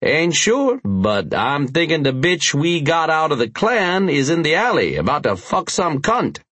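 A crude, sly biker man with a loud, high, drawling voice, as a male narrator puts him on. His talk is coarse and knowing. The recording is close and dry. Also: big pitch swings, measured pace, slightly rough, dry recording, heavily acted.

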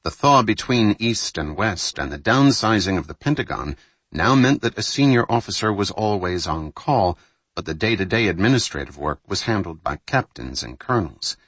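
A man reading a thriller novel aloud in measured, scripted audiobook narration. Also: lowish voice, animated, fairly bright tone, breathy edge, dry recording.

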